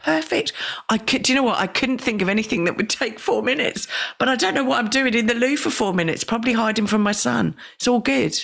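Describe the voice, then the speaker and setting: A woman's voice: fairly high pitch, fast talker, creaky, few pauses, a bit bright. A woman hosting a podcast interview, chatty and self-deprecating. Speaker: podcast host.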